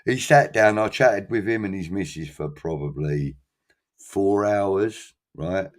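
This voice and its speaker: A man's voice: deep voice, slow. A man, middle-aged, telling a long story in casual chat, acting out voices and swearing freely.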